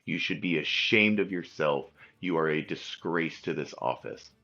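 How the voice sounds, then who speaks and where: A man's voice: extremely low pitch, moderate pace, sharp tone, highs cut off, pitched below the performer's own voice, full character voice. A man voicing a stern male commander who lectures an official, while losing his voice. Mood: scolding.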